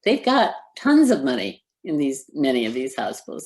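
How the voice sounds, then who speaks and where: A woman's voice: a bass voice, huge pitch swings, moderate pace, a little mellow. A woman who founded a nonprofit, speaking as an interview guest in an emphatic, earnest way and laughing often. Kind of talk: conversational interview.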